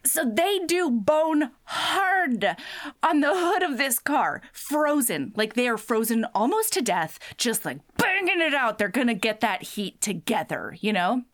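A woman's voice: a little high, a little slow. A woman casually recapping a book for her co-hosts, acting out quotes and swearing as she goes. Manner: animated storytelling with acted quotes and swearing. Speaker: podcast co-host recapping a book. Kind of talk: casual chat.

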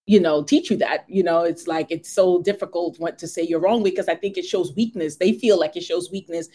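Animated mother telling family stories. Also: lowish voice, fairly quick. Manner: animated storyteller, acts out quoted voices. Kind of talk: casual faith discussion.

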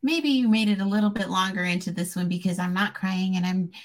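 A woman talking to camera in a rambling, heartfelt vlog, soft-spoken and a little tearful. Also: medium pitch, steady tone, fairly quick. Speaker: vlogger. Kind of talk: emotional personal vlog.

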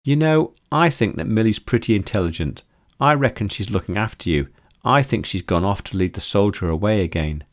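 A man voicing a gentle, motherly woman who speaks soothingly and affectionately. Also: lowish voice, lively intonation, brisk, no room sound, studio quality. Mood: reassuring.

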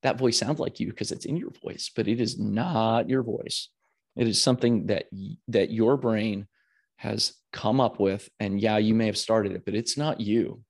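A man's voice: fairly low pitch, normal speed, gravelly. A man hosting a podcast, talking candidly in a rambling, earnest way with many restarts. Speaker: podcast host.

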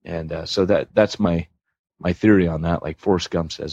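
A man's voice: deep voice, normal speed, creaky, breathy edge, dry recording, muffled recording. An American man co-hosting a church planting podcast, talking casually and joking as he explains his point. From United States. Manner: animated, joking, restarts a lot.

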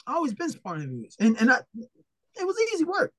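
High-voiced man telling blunt boxing stories. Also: fast, no room sound. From Philadelphia, USA. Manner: animated, blunt and profane, acts out quoted dialogue. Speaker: retired boxer, interview guest. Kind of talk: casual storytelling interview.

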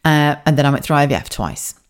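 A woman's voice: sits low, very animated, fast talker. A woman hosting a solo podcast, talking frankly and swearing freely, with laughs, asides and rambling restarts. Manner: rambling, self-correcting delivery. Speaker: podcast host. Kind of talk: candid solo podcast monologue.

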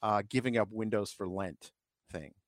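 Low-voiced man chatting casually, dry sound. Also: moderate pace, no room sound. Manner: enthusiastic, geeky, many fillers. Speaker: podcast co-host. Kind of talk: casual chat.

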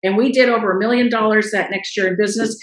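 Middle-aged woman guest, lively storyteller, roomy echo on the voice. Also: mid-range voice, fast talker. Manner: animated storyteller, acts out quoted voices. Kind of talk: casual interview storytelling.

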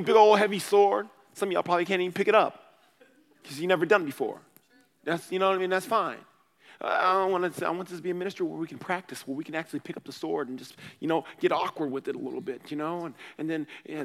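A man, a pastor, preaching a sermon in a casual, conversational way, swinging between loud bursts and quiet asides. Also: a little high, fast talker, big-room sound.

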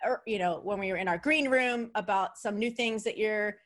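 A woman's voice: medium pitch, normal speed. A woman with a New York accent hosting a podcast interview, chatty and bubbly, laughing often. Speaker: podcast host. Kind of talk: casual interview chat.

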